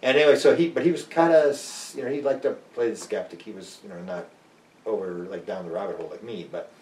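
A man's voice: fairly low pitch, quick pace, darkish tone. Older man telling rambling stories. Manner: rambling, many restarts, acts out quoted voices. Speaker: author guest. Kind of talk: rambling storytelling interview. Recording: roomy and distant.

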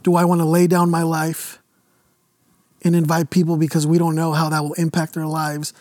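Earnest man with a flat, higher voice. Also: normal speed, no echo, studio quality. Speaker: church speaker. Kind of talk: reflective church talk.

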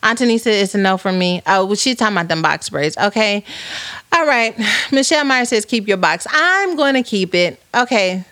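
A woman in her thirties hosting a podcast, reading live comments aloud in a playful, teasing, animated way. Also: medium pitch, normal speed, smooth, no room sound. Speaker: podcast host.

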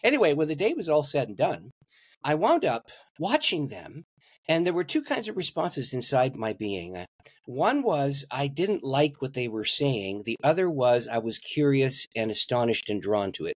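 A man's voice: mid-range voice, big pitch swings, normal speed, dry recording, clean studio sound. A man, a pastor and guest, telling a story in an interview and laughing at his own stories.

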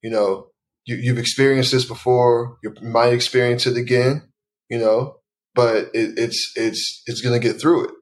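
A podcast guest from Chicago with a mid-pitched voice, speaking in a thoughtful, encouraging way. He often restarts and repeats words as he finds his next thought. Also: fairly even intonation, normal speed. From Chicago, USA. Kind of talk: conversational interview.

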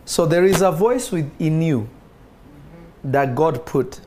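A man's voice: fairly high pitch, slow pace, a little hiss or hum. A man preaching a livestreamed sermon, calling out to listeners and acting out God's words. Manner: animated, calls out to listeners, acts out God's voice.

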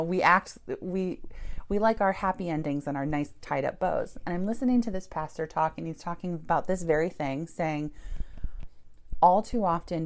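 Woman, slightly low voice, church founder, candid interview storytelling, laughs and swears. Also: a little mellow.

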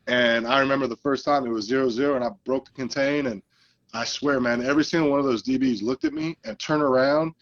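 A man in a casual interview, a football coach telling game stories with plenty of life. He acts out what players and coaches said as he goes. His pitch sits in the middle, and the sound is a little dull and lo-fi. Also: quick pace. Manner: animated storyteller, acts out quoted lines.

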